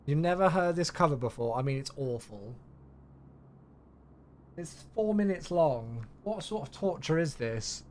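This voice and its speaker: Tired guy chatting on his stream, voice bouncing up and down a lot, a bit high. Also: lively intonation, a little slow, a little mellow, a little hiss or hum. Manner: chatty, reads chat aloud, thanks subscribers. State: tired, yawning. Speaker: flight sim streamer. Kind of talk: casual live-stream chat.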